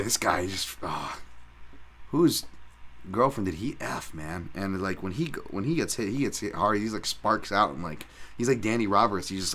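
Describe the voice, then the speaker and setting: A man's voice: low voice, pushed and bright. A man hosting a podcast, casually breaking down fight picks with rambling, self-interrupting, profane talk. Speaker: podcast host. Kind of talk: casual MMA betting breakdown.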